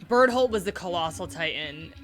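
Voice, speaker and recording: A woman's voice: lowish voice, animated, normal speed, faint music behind. A young woman hosting a casual reaction chat, gushing and emotional, full of "um" and "like". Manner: gushing, emotional, many fillers like "um" and "like". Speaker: host.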